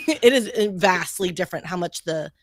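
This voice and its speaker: A woman's voice: fairly low pitch, expressive, moderate pace, no echo. A woman co-hosting a podcast, telling a personal story in a chatty, self-deprecating way. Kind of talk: casual chat.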